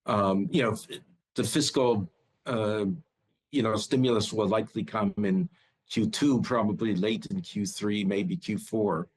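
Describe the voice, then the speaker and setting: A man's voice: fairly low pitch, steady tone, measured pace, rough recording. A man speaking as a bank strategist guest in a news interview, often repeating words as he starts a thought.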